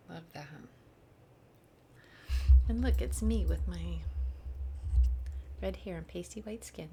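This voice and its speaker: A woman giving a casual spiritual card reading, rambling and soft-spoken, sometimes slipping into whispers. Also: lowish voice, takes it slowly, long pauses, slight background noise. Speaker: spiritual reader. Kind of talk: casual channeled tarot reading.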